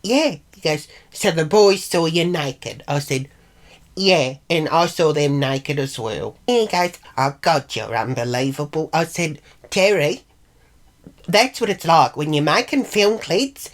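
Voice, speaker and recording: Middle-aged Australian woman with a low voice, chatty and blunt, telling stories to camera. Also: expressive, a little slow. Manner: chatty, blunt and sweary, acts out quoted arguments. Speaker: vlogger. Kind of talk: casual monologue vlog.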